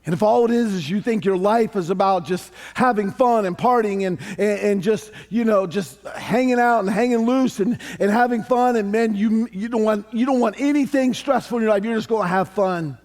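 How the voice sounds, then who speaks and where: A man preaching a sermon as pastor, animated and conversational with touches of humor. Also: high voice, normal speed, few pauses. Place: church sanctuary.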